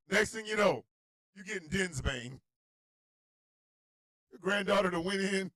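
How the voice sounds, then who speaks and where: High, lively male radio host, loud incredulous comic ranting, dry close sound. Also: a little slow, gravelly, long pauses, no room sound. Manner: animated, shouting, incredulous. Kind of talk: comedic talk radio rant.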